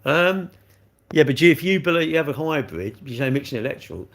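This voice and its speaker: A man's voice: fairly high pitch, animated, fast talker, fairly bright tone. A middle-aged man, chatting on a live stream and ranting with rhetorical questions. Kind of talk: casual live-stream chat.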